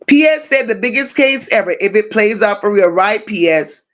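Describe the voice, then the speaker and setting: A woman hosting a casual true-crime livestream, reading viewer comments aloud and answering them with blunt, profane, animated banter. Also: mid-range voice, normal speed, highs cut off. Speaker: livestream host reading chat.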